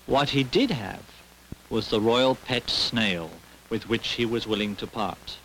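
A man narrating a storybook tale in an expressive, wry storyteller's manner, with background music behind him. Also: medium pitch, unhurried, slight background noise, rough recording.

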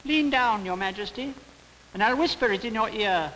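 A man's voice: high voice, moderate pace, sharp tone, big-room sound, slight background noise, voice pushed up, low-quality recording. A man voicing a mysterious little old man with a long beard, coaxing and secretive, in a read-aloud storybook. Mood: sly.

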